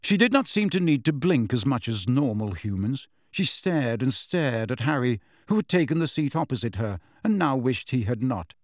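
A male audiobook narrator reads from a novel with a steady, measured storytelling delivery. His voice sits in the mid range, and the recording is dry and clean, with studio sound.

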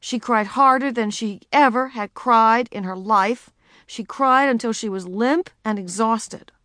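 A woman narrating a children's storybook with expressive delivery. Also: on the high side, measured pace, dry recording, clean studio sound. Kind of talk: audiobook narration.

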